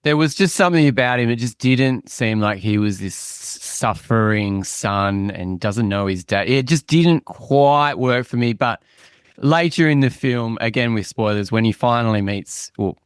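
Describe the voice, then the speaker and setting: A man co-hosting a podcast, giving measured, agreeable reactions in a casual film chat. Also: mid-range voice, clear, resonant tone, no room sound, studio quality. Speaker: podcast co-host.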